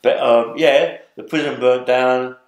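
A man's voice: medium pitch, steady tone, unhurried. A man in his seventies from London with a London accent, a guest telling long rambling stories and tagging his lines with "yeah?". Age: 70s. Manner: rambling, tags lines with "yeah?" and "you know what I mean?". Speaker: interview guest. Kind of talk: storytelling interview. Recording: roomy echo.

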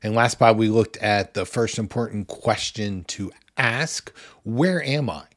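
Earnest low-voiced man hosting a devotional podcast. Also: a little slow. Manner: earnest, conversational, with small laughs. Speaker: podcast host.

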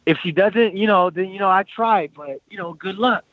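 A man in his thirties casually telling a personal story, animated and acting out what others said. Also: sits high, normal speed, narrow, tinny audio. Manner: animated, quotes people in lively voices.

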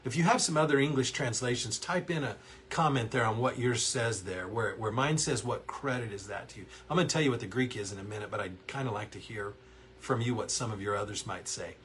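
A man's voice: medium pitch, fairly quick, slight background noise. Earnest man teaching a Bible lesson. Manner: earnest, animated, reads verses aloud and reacts to typed comments. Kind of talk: online Bible lesson to chat viewers. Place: counseling office.

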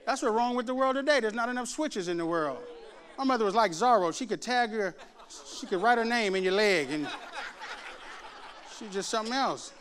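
A middle-aged pastor preaches a sermon built on stories, joking and mimicking other people's voices with animation. His voice sits high and runs a little fast. He speaks in a church before a laughing congregation.

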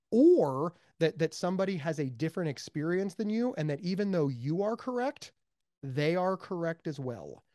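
An American man being interviewed as a mental health advocate, speaking emphatically and with high energy, repeating words for stress. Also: a little mellow, no echo, clean studio sound. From United States. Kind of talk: animated interview talk.

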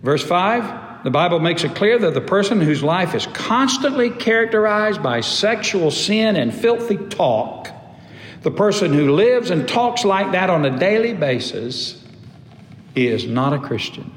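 A man's voice: sits high, sing-song. Preaching man in an echoey hall. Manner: emphatic preaching with pauses and sudden drops. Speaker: pastor. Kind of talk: sermon. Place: church sanctuary. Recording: echoey hall, faint room ambience.

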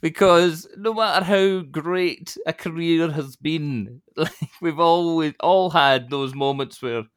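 A man's voice: a little high, takes it slowly, hardly any pauses, clear, resonant tone, no echo, clean studio sound. A man hosting a podcast, chatty and cheeky, teasing his guest with crude slang and banter. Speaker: podcast host. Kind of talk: casual interview chat.

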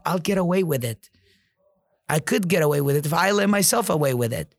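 A man's voice: a little high, gravelly, darkish tone, no echo. A man hosting a casual motivational podcast monologue, blunt and profane, with lots of "like" and "you know". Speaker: podcast host and business owner.

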